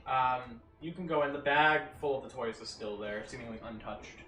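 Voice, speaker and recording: A man's voice: mid-range voice, moderate pace, sharp tone, far from the mic. A man narrating as game master, hesitant with many fillers, recorded off-mic in an echoey room with music behind. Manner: hesitant, many ums and likes.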